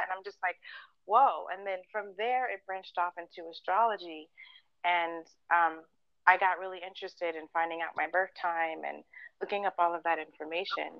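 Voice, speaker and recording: A woman's voice: on the low side, steady tone, normal speed, dry recording. Earnest chatty woman, dry lo-fi sound. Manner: earnest storytelling, many fillers and acted-out quotes. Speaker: podcast co-host. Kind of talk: casual podcast chat.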